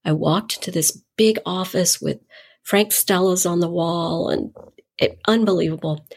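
Gravelly, husky middle-aged woman storyteller. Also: fairly low pitch, a little slow. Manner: animated, acts out dialogue in her anecdotes. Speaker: nonprofit founder, interview guest. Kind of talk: conversational storytelling.

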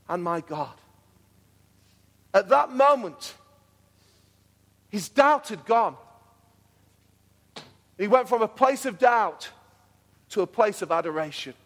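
Slow and often pausing, a pastor with a high, fairly bright voice and lively intonation delivers a sermon that builds into fervent declarations. He is earnest and repeats himself, frequently circling back on a word, while long reverb rings off the church walls.

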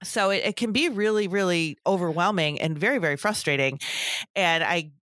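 A woman's voice: fairly low pitch, moderate pace, a bit bright, no room sound, studio quality. A middle-aged woman co-hosting a casual podcast, speaking emphatically with exasperated asides about work in a pediatric office. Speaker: podcast co-host, breastfeeding professional.

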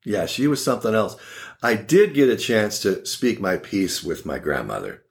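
A man's voice: fairly low pitch, normal speed, vocal fry. A man around sixty, an oral surgeon, telling funny family stories as a podcast guest in a wry, laughing way. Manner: animated, wry and laughing, with quoted voices. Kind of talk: casual storytelling in a podcast interview.

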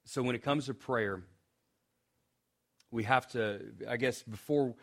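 A man's voice: mid-range voice, takes it slowly, creaky, a bit bright. A young man preaching a sermon as pastor, speaking conversationally with restarts and joking asides.

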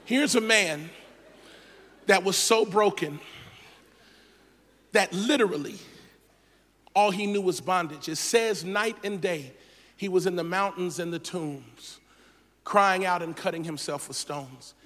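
A man preaching a sermon as a guest speaker, telling the story with lively humor and playful asides. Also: high-pitched, slow, long pauses, big-room sound.

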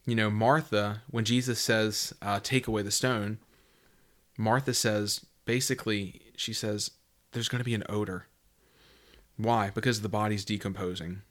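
A man in his thirties from the southeastern United States, hosting a casual Bible teaching talk in an earnest, conversational way and reading scripture slowly. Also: fairly low pitch, fairly even intonation.

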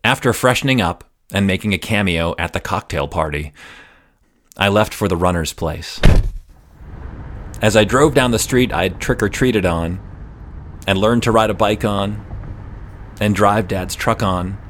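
A young adult man telling a personal story in a reflective, measured first-person way. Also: lowish voice, a bit bright.

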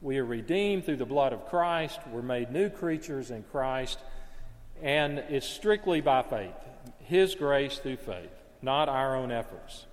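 A man's voice: medium pitch, lively intonation, slow, in a large hall. A man preaching a sermon in an earnest, conversational way, sometimes stopping to correct himself. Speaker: pastor.

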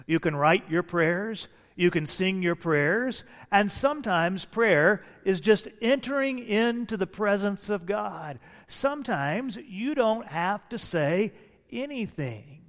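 A man preaching a sermon as a pastor, telling stories with humor and shifting his pace. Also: high voice. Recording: long reverb of a large hall.

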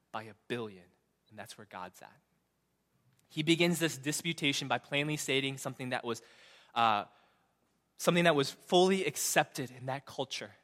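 A young man preaching a sermon, emphatic, often asking the crowd "right?" and dropping from loud to hushed. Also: a little high. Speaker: pastor. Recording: long reverb of a large hall.

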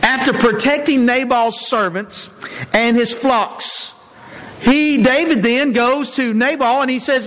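A male pastor preaching a sermon in a conversational way, with fillers and quick self-corrections. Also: very high voice, a bit bright. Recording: long hall reverb.

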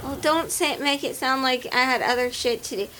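A woman's voice: sits high, normal speed, a bit bright, a little hiss or hum. A woman in casual chat, crude and teasing, swearing freely as she jokes.

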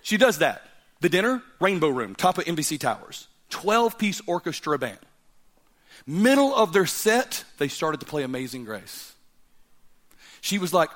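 A middle-aged guest preacher tells stories in his sermon with a high-sitting voice at normal speed. He is animated, swinging from loud, laughing punchlines to hushed, earnest reflection.

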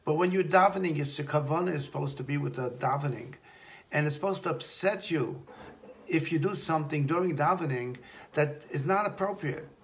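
A man gives a Torah talk on prayer as a rabbi, in a somewhat high voice with a rough, gravelly grain. He tells stories and slows down to lean on the points he wants to land. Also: a little hiss or hum. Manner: storytelling, slows for emphasis.

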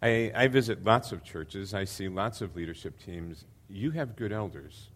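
A man's voice: low voice, lively intonation, moderate pace, fairly bright tone, a little hiss or hum. An older man preaching as a visiting pastor, earnest and hesitant with many fillers, building to emphatic repetition. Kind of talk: sermon.

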